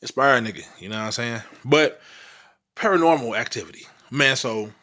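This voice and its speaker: A man's voice: medium pitch, expressive, a little fast, pushed and bright. A middle-aged man from St. Louis telling ghost stories in a rambling, profane monologue, often checking in with "you know what I'm saying.". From St. Louis, Missouri. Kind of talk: casual storytelling monologue.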